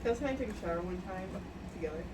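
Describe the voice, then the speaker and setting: A woman's voice: lowish voice, animated, very fast. A woman co-hosting a podcast, chatting casually and rambling with fillers and giggles. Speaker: podcast co-host. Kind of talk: casual chat. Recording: distant mic with clear background noise.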